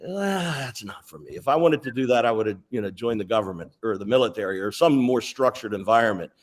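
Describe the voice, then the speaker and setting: Man in his 60s, guest on a sales interview, lively anecdotal storyteller. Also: lowish voice, a little fast. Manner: animated, anecdotal, lists details.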